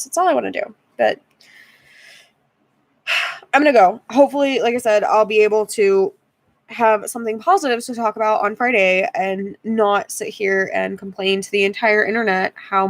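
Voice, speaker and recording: A woman's voice: medium pitch, no room sound. A woman in her twenties venting in a tired, frustrated vlog rant, often repeating herself. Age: 20s. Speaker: YouTuber.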